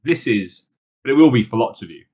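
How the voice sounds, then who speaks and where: A man's voice: mid-range voice, lively intonation, fairly quick, a little mellow, breathy edge. A man co-hosting a casual podcast chat, jokey and talkative. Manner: chatty, jokey, puts on mock voices. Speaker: podcast co-host.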